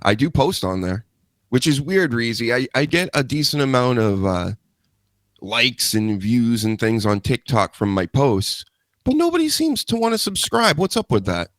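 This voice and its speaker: A male host in loose, joking chat who swears without a second thought. His voice sits in the middle of the male range, and the sound is close and dry with no room echo at all. The talk is relaxed and unscripted. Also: mid-range voice, unhurried. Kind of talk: casual live show chat.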